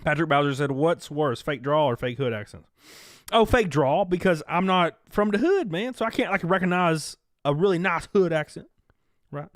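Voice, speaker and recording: A man's voice: a little high, expressive, moderate pace, dry recording, clean studio sound. A man hosting a casual livestream chat, talking loosely, laughing at his own jokes and reading out donations. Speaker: livestream host.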